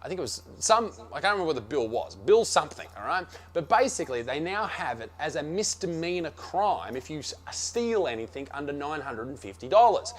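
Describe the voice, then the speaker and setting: A man's voice: fairly high pitch, sing-song, brisk, hardly any pauses. An Australian man delivering a comedic rant about his travels, brash and sarcastic, swearing freely. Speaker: comedian reviewing America. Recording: played from another video.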